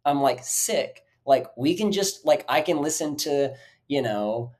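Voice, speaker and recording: A man hosting a casual podcast about dog training, telling rambling, animated stories full of "like" and the odd swear word. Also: fairly high pitch, a little slow.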